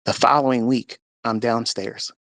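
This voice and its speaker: A man speaks into his phone with a gravelly, middle-pitched voice, telling his personal faith story with earnest feeling. The sound is dry and close, with no room around it. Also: measured pace, no echo. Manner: earnest, animated, voice rises and falls with the story. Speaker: speaker sharing a faith testimony. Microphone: phone in a live audio room.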